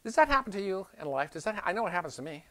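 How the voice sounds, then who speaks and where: A man preaching a sermon as a pastor, animated and emphatic, moving between loud stresses and quiet asides as he tells a story and asks questions. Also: high voice, racing, no echo.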